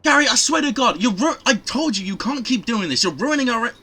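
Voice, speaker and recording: A man's voice: medium pitch, brisk, sharp tone, soft background music. A man voicing an exasperated male pig who scolds another pig with swearing.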